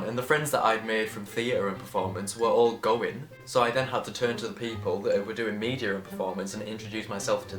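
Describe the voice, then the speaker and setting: A young man from England telling a casual storytime story, chatty and animated, acting out the voices of the people in it. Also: fairly low pitch. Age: young adult. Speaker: vlogger. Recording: echoey room, faint music behind.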